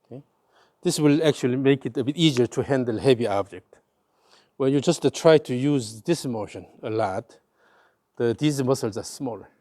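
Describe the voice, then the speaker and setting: Coaching a golf swing hands-on, a Korean-accented man speaks warmly and mellowly at medium pitch and a moderate pace. His tone is instructive, and he repeats brief cues again and again in time with the movement.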